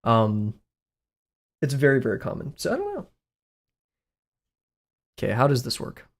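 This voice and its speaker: A young man with a Southern US accent talks his way through a casual live stream. He rambles, chuckles often and makes fun of himself. His voice sits at a middle, everyday pitch. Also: wildly swooping pitch, unhurried. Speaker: art streamer.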